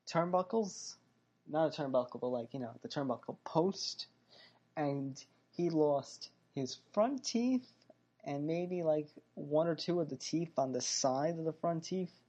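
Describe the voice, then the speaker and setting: The recording is muffled, but the host's medium-pitched voice comes through warm. He's a man doing a solo podcast recap of wrestling and fights, rambling casually with plenty of fillers and self-corrections.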